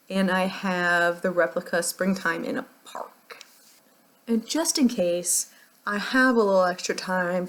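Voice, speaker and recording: Casual American woman vlogger, rambling and chatty, middle-pitched voice. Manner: chatty, rambling, laughs often. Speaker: beauty vlogger. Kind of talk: casual product chat.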